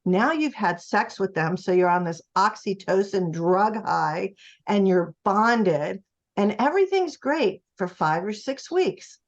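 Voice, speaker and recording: This author, a woman with a medium-pitched, lively voice, talks at a measured pace during a conversational interview. She makes her points emphatically, performing the voices of the people she quotes, and the recording is lo-fi and a little muffled.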